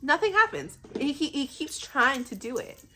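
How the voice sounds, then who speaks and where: A young woman chatting casually in a reading vlog, recapping a book with lots of "like" and quick reactions. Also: high voice, a little hiss or hum, low-quality recording. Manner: animated, chatty, fillers like "like". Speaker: book vlogger.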